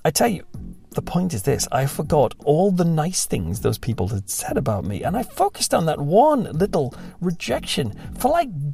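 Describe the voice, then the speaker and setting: A man's voice: mid-range voice, darkish tone. A young man, a pastor, talking casually and reflectively, self-deprecating and sometimes mimicking other voices.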